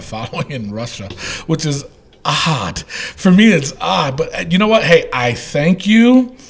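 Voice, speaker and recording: A man hosting a casual podcast, rambling with many fillers and restarts. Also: mid-range voice. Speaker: podcast host.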